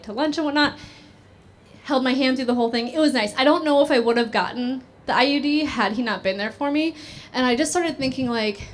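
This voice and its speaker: A woman telling a personal story with bubbly, self-mocking humor. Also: sits high.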